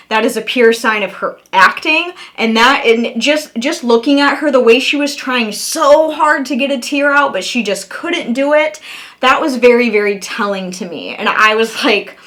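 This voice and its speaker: Young female commentary vlogger, bright tone, pitched a bit high, blunt and sarcastic to camera. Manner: blunt, sarcastic, talks straight to viewers. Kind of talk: reaction commentary.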